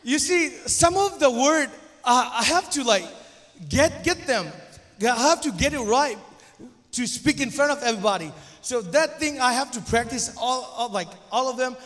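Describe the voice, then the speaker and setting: A man's voice: very high-pitched, a bit bright, big-room sound. A young man whose first language is Zomi, preaching as guest pastor in English, hesitant, with many stumbles and restarts. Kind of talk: church sermon.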